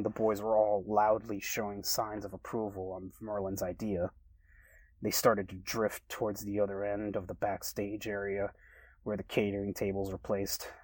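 Low-voiced man reading a story. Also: no room sound, poor audio. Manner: relaxed, conversational reading with small laughs. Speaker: story reader. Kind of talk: first-person story reading.

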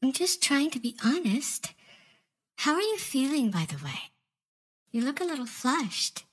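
A woman voicing an obsessive, manipulative young female office intern in an audio role-play monologue, sugary and coy with soft whispered asides. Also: high voice, big pitch swings, unhurried. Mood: sweetly menacing.

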